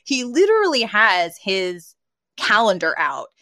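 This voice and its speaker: A woman's voice: mid-range voice, big pitch swings, a little slow, sharp tone, no room sound. A woman co-hosting a podcast, chatting casually about a sitcom episode, acting out quoted lines and laughing often. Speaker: podcast co-host. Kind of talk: casual chat recapping a sitcom.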